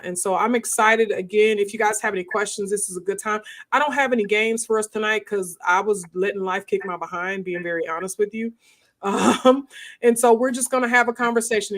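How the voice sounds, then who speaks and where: A woman hosting a casual chat among homeschool moms, lively and emotional, laughing often as she tells stories. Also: mid-range voice. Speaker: host of a homeschool moms gathering.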